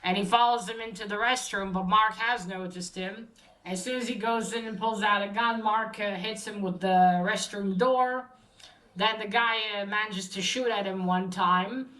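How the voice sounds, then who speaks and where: Bright-voiced woman casually retelling a story. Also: medium pitch, steady tone, moderate pace, low-quality recording. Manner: rambling, hesitant with many fillers and self-corrections; chuckles while retelling. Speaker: host recapping a story.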